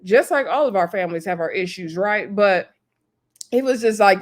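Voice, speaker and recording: A woman casually reviewing a reality TV episode, chatty and conversational, with frequent fillers and animated asides. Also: mid-range voice, moderate pace. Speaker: TV show reviewer. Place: home.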